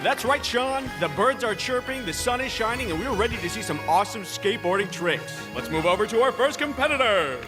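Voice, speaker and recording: Brief: man putting on cheery high-pitched skate-contest announcers, comedic skit, music behind. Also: expressive, brisk, low-quality recording. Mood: peppy. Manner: peppy broadcast patter. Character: two upbeat male sports announcers at a skate contest.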